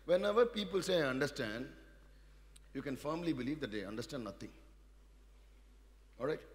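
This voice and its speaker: A male pastor with an Indian English accent, preaching a sermon and calling for responses, moving from quiet asides to loud emphatic peaks. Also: medium pitch, quick pace, long pauses. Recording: long hall reverb.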